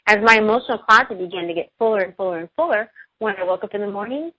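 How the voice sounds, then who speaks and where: A middle-aged woman speaks as a guest on a radio show, telling a personal story in an earnest, emotional way. Her voice sits at an ordinary pitch. The sound is dry and a little dull, like broadcast radio. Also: lively intonation, rapid-fire, bright, forceful tone, no echo.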